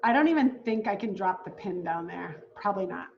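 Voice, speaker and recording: A woman coaching new travel agents in a casual, excitable way, talking straight to viewers as "guys". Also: mid-range voice, a little fast, creaky, lo-fi sound, a little hiss or hum. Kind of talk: casual teaching while screen-sharing.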